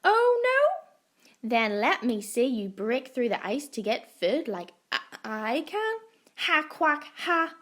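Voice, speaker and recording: A woman's voice: sits high, very animated, takes it slowly, heavily acted. A woman doing a mocking quacking duck. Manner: mocking, loud, cackling.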